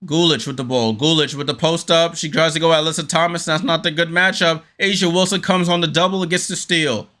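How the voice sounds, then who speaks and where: A man hosting a casual fan watchalong, calling the game play by play with frequent fillers and sudden jumps of excitement on big plays. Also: fairly high pitch, fairly quick, hardly any pauses. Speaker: host.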